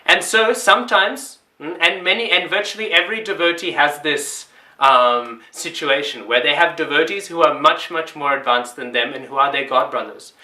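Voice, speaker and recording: A man's voice: a little high, normal speed, pushed and bright, echoey room. A man teaching a devotional scripture class as a storytelling lecture, often checking in with "hmm?" and acting out short quoted cries. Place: temple.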